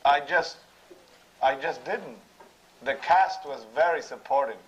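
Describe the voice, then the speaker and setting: A man answers an audience question on a panel, halting and repeating himself. The sound is dull, with faint noise behind him. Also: medium pitch. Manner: brief, hesitant, repeating himself. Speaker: actor on a panel.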